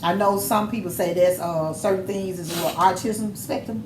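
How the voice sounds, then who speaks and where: A woman's voice: mid-range voice, fairly even intonation, normal speed, a little mellow. A middle-aged mother talking on a podcast in an emphatic, preachy storytelling manner. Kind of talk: casual chat. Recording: echoey room with noise.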